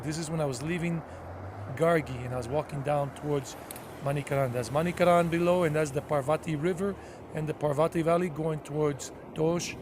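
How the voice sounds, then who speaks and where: A man's voice: fairly high pitch, noisy background. A man narrating his travel footage in a casual vlog, gushing and rambling and often repeating himself. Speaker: travel vlogger.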